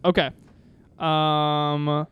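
Guy cohosting a goofy podcast, laughs a ton, smooth clear voice, kinda high. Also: monotone, very slow, dry recording, narrow, tinny audio. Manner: jokey, laughs often, reads aloud. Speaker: podcast co-host. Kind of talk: casual chat.

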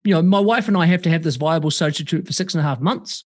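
A man chatting casually as a podcast guest over a remote call, animated and swearing freely, acting out quoted voices. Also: fairly high pitch, fast talker.

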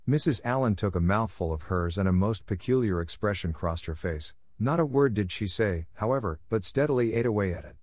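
A man narrating a classic novel in a steady, measured storytelling manner. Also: lowish voice, no echo, studio quality.

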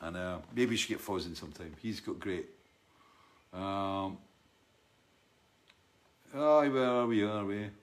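A man's voice: lowish voice, unhurried, pauses often. Rambling older man answering viewer questions. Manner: rambling, anecdotal, with frequent restarts and asides. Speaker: musician hosting a viewer Q&A. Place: his home studio.

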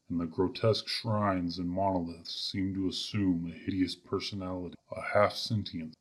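Deep husky guy reading a spooky story slow and serious, old radio drama feel. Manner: measured, grave, ornate delivery. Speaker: narrator.

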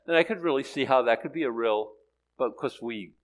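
A man's voice: mid-range voice, fairly quick, rough recording. An older man teaching the Bible, reading scripture solemnly and then telling a story with many restarts. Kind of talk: sermon and storytelling.

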